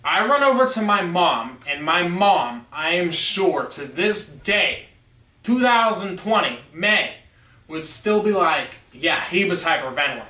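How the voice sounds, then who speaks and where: A man's voice: sits high, very animated, slow pace, bright, forceful tone, recorded from a distance. A man telling a story on a vlog, in an emphatic and insistent way. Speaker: vlogger. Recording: echoey room, away from mic.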